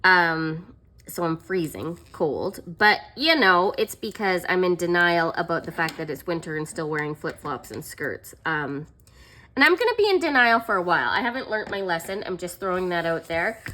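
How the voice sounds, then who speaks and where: A woman's voice: lowish voice, animated, normal speed, bright, forceful tone, a little hiss or hum. A young adult woman vlogger telling a story in a chatty, self-mocking way while she decorates a planner, laughing often and filling with "like" and "um".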